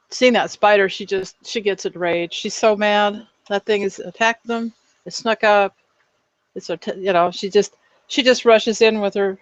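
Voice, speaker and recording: A woman playing a tabletop game, describing her character's actions in an animated way and searching for words. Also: medium pitch, no room sound, highs cut off. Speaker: player.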